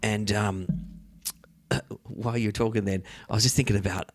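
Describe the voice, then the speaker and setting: A man's voice: on the low side, steady tone, normal speed. An Australian man hosting a casual podcast chat, rambling with many fillers and restarts and swearing freely. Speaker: podcast host.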